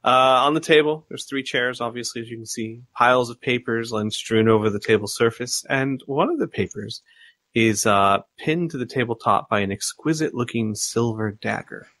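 A man narrating a tabletop game as game master, pausing often with fillers as he sets the scene. His voice sits at a middle pitch and sounds dry and close to the mic. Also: fairly bright tone, no echo. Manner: halting, lots of fillers.

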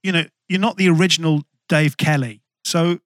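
A male podcast host chats with his guest, often stumbling over his first words. His voice sits a little high for a man, and the sound is dry and close. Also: steady tone, normal speed, dry recording. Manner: chatty, stammering restarts, laughs easily. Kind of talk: casual podcast interview.

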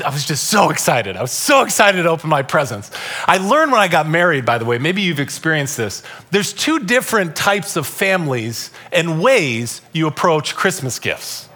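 A man in his thirties preaching a Christmas sermon to a live congregation, telling stories with loud bursts and soft asides. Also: on the high side. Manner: animated storytelling, shifting between loud bursts and soft asides. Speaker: pastor. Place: church hall, live congregation.

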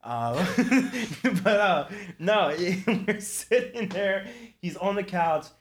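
A man's voice: high-pitched, animated, extremely slow, a crowd in the background. A young man telling a profane party story in casual chat, often laughing as he talks. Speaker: storyteller guest.

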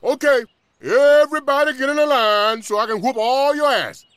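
A man voicing a loud, jovial male school cook in a cartoon clip, with a booming sing-song manner. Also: normal speed, clear, resonant tone, no room sound. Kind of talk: animated cartoon voice acting. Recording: cartoon clip with faint music.

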